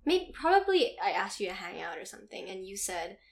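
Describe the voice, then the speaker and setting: A woman's voice: mid-range voice, sing-song, fairly quick, gravelly. A young woman guest in a casual podcast chat, talking in a giggly, chatty way with lots of "like". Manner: giggly, chatty, uses "like" often. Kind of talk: casual conversation.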